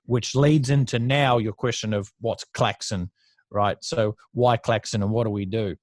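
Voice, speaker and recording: A man's voice: lowish voice, fairly even intonation, unhurried, no room sound, studio quality. A man in his thirties with an Australian accent, telling stories as a guest in a casual interview, blunt and chatty, swearing freely. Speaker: guest entrepreneur.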